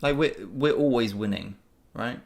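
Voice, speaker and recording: A man's voice: medium pitch, unhurried, gravelly, darkish tone. A man hosting a casual live Q&A, talking in an easygoing, upbeat way that rambles with fillers and restarts. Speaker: channel host answering viewer questions.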